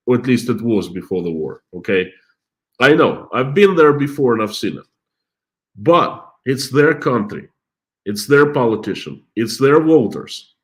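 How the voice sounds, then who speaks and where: A middle-aged man from southern Russia with a Russian accent, speaking as a roundtable guest in an emphatic, repetitive way. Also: mid-range voice. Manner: emphatic, repeats phrases for stress. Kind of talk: conversational commentary.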